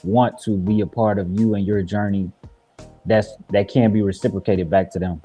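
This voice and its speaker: A man's voice: on the low side, fairly even intonation, normal speed, mellow, breathy edge, soft background music. A man from Chicago, a guest rapper, answering interview questions in an earnest, reflective way with many fillers. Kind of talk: casual interview talk.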